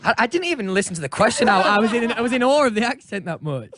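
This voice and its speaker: A man's voice: high-pitched, sing-song, quick pace, a bit bright. A young Englishman with an English accent, bantering and laughing in a casual radio interview. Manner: playful, self-deprecating, laughs often. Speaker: musician guest.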